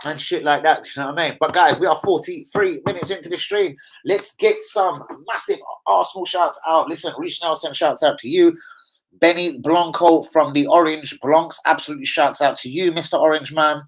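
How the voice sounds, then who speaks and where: Young man, slightly high voice, loose sweary livestream host chatting football and reading shout-outs. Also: a little fast, slight background noise, poor audio. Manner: swears freely, rambling banter, reads chat shout-outs. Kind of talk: casual livestream chat.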